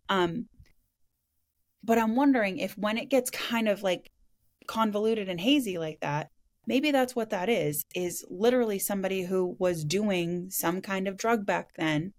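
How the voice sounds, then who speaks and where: A woman hosting a casual spiritual podcast, talking frankly, swearing now and then and laughing easily. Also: medium pitch. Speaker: podcast host.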